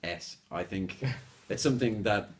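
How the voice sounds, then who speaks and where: A man originally from Spain runs a relaxed pronunciation lesson, mixing English and Spanish. His voice sits a little low, and he acts out examples with playful exaggeration. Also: measured pace, a little hiss or hum. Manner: animated, demonstrates sounds with exaggerated examples. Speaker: English teacher. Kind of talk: bilingual language lesson chat.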